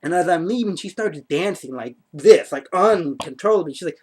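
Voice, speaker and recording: A man's voice: high voice, expressive, normal speed, darkish tone, slightly rough. A man telling a personal story to the camera in a rambling, profane way, full of "like.". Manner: rambling, profane, heavy use of "like". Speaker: vlogger.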